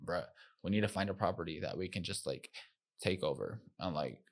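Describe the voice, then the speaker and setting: A man's voice: deep voice, fairly quick, gravelly. A man hosting a podcast, talking in a rambling, enthusiastic casual chat, stacking up fillers as he goes. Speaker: podcast host.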